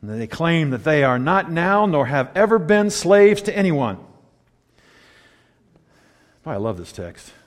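Guy preaching in a big echoey hall, voice a bit high and swinging all over, laughing and doing little mock voices. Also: a little slow, long pauses. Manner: lively, acts out mocking quotes, laughs often. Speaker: pastor. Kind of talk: sermon.

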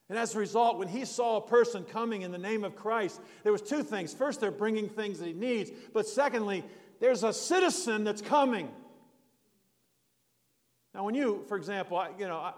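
A man's voice: high voice, in a large hall. An older man preaching a sermon in a folksy, rambling storytelling way, with restarts and asides. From United States.

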